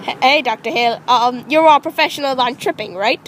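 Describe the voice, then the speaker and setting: A woman's voice: high voice, fairly quick, hardly any pauses, a little hiss or hum, rough recording. A young woman hosting an improvised spoof documentary, playful and mock-formal as she interviews friends outdoors. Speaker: interviewer and host.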